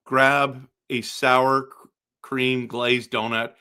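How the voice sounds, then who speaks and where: A man hosting a casual live stream for viewers, excitable and exasperated, breaking into loud outbursts. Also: mid-range voice, very slow, clean tone. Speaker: livestream host.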